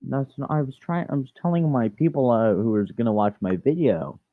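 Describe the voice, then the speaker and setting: A man's voice: medium pitch, animated, fairly quick, no room sound. Guy rambling thru a fan what-if story, keeps correcting himself, muffled dry audio. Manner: rambling, self-correcting, chatty.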